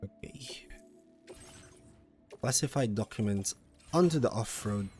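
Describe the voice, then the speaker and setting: A man's voice: on the low side, animated, slow. A man streaming a video game live, thinking aloud and joking as he plays, sometimes copying the characters' lines. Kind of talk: live gameplay commentary. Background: game music.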